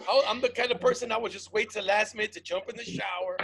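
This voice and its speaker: This is a man hosting a comedy podcast. His voice sits high for a man, with a gravelly fry and a bright, forceful tone. He swears freely and tells stories by acting out the people in them. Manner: profane storytelling, acts out quoted voices. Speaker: podcast host. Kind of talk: casual comedic podcast chat.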